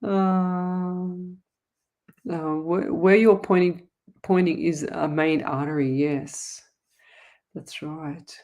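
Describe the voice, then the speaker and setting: A woman with a fairly low-pitched voice hosts a live psychic reading show. She talks in a casual, rambling way, often restarting her sentences and drifting into asides. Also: steady tone, very slow, pauses often, a little mellow. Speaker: psychic medium host answering viewer questions. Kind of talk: casual live-stream chat.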